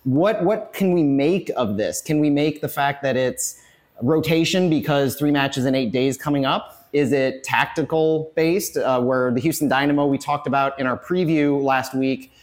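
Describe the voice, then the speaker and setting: A man hosting a casual sports podcast live from a tavern, a little out of breath and talking with quick energy. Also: mid-range voice. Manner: energetic, rapid listing of lineups. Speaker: podcast host. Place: bar and tavern, live on location.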